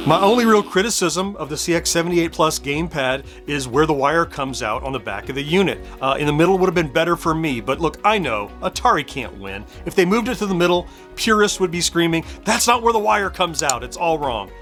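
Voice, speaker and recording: A man's voice: on the high side, lively intonation, a little fast, few pauses, fairly bright tone, soft background music. A middle-aged man giving casual commentary while he plays retro games, chatty and laughing often, thinking aloud as he goes. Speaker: retro gaming video host.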